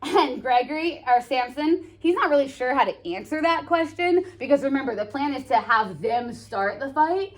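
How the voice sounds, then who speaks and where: A woman's voice: high voice, expressive, normal speed, few pauses. Chatty woman teaching a class. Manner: chatty, joking, slangy asides to students. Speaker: high school English teacher. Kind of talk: classroom lesson, reading and explaining a play.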